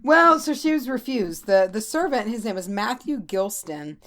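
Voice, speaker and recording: A woman co-hosting a podcast, telling a history story in animated casual chat, swearing and laughing often. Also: on the high side, normal speed. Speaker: podcast co-host.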